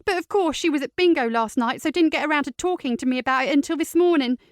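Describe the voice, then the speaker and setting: Woman reading as a distressed teenage girl, high voice, quick and defiant, audiobook, dry studio sound. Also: no echo, lightly acted. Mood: upset.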